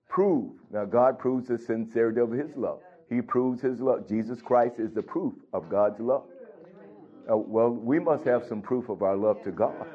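Stern pastor, blunt and scolding, mid-pitched man, muffled lo-fi recording. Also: breathy edge. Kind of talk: sermon. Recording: dull lo-fi recording.

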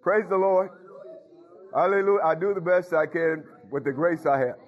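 A man's voice: high-pitched, normal speed, muffled recording. A man preaching a folksy sermon as pastor, talking straight to his congregation and dropping in hallelujahs. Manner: folksy, talks to congregation, frequent hallelujahs and laughs.

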